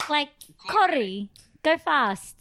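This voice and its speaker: Woman, from Australia, high voice, slight gravel, slow, self-mocking. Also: sing-song, bright, forceful tone, a little hiss or hum. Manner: self-mocking, laughs often. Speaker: podcast guest. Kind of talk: casual chat.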